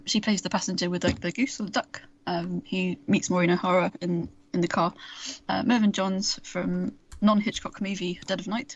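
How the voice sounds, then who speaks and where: A woman's voice: medium pitch, highs cut off. A woman hosting a casual film review podcast, chatty and giggly, running through the cast with lots of ums. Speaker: podcast host.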